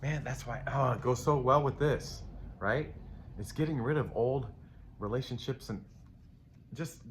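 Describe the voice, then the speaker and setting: A man's voice: mid-range voice, measured pace. A middle-aged man giving a casual live tarot reading to viewers, rambling and playful, calling them baby. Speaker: tarot reader. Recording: faint ambient noise.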